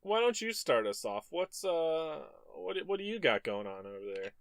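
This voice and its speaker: A man's voice: fairly high pitch, very animated, normal speed, no echo, clean studio sound. A man hosting a podcast in casual chat, prompting the others to speak.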